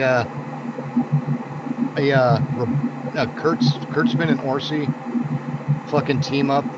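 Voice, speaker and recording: A man co-hosting a live stream, chatting casually and ranting with lots of swearing. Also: fairly high pitch. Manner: profane, ranting. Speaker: co-host. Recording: dull lo-fi stream audio with background noise.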